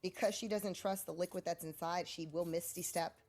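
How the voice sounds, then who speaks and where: A woman's voice: fairly low pitch, steady tone, brisk, a little mellow. A woman playing in a tabletop role-playing game, describing her character's actions hesitantly with many ums and likes. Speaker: player.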